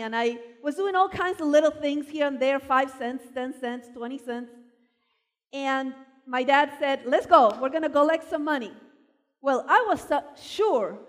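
A woman from Argentina preaching a sermon, telling personal stories with animated emphasis. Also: high-pitched. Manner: animated storyteller, voice rising for emphasis. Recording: long hall reverb.

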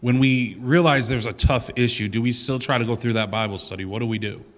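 A man's voice: mid-range voice, fairly even intonation, brisk, big-room sound, a little hiss or hum. A man in a casual panel discussion, speaking bluntly and joking now and then.

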